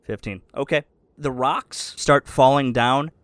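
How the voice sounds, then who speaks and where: A man's voice: medium pitch, a little slow, fairly bright tone, dry recording. A man narrating a tabletop game as game master, describing scenes steadily.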